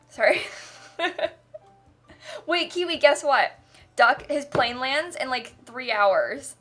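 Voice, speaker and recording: A woman livestreamer in casual chat, rambling and quick to laugh as she thanks viewers. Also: high voice, lively intonation, fairly bright tone. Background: faint music.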